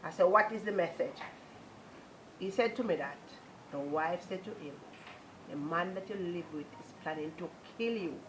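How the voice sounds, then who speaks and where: A woman's voice: on the low side, moderate pace, background noise. A woman with a Jamaican accent giving a personal religious testimony, telling her story earnestly and moving into repetitive, preaching praise.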